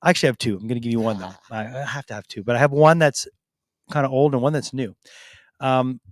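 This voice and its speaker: A man's voice: medium pitch, quick pace, no echo. A man co-hosting a live convention Q&A on stage, chatting in a friendly, rambling way with fillers. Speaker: convention organizer co-host.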